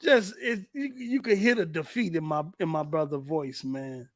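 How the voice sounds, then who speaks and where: Guy hosting a gaming stream, cussing and chatting while he messes with clips, kinda high voice, dry close sound. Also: moderate pace, a bit bright, no echo. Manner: loose, profane, talks while fiddling with clips. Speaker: livestream host. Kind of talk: casual livestream chat.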